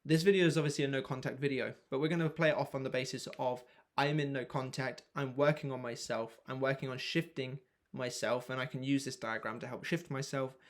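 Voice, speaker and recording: A man's voice: medium pitch, fairly even intonation, brisk. A man coaching viewers through a self-help method, asking rhetorical questions and sometimes swearing. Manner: frank, swears at times. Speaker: manifestation coach. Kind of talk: motivational self-help explainer.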